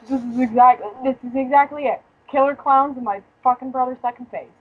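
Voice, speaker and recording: A woman's voice: sits high, steady tone, a little fast, phone-quality sound. A young woman hosting a podcast, telling a casual story in a profane, joking way and laughing often. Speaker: podcast host. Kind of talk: casual chat.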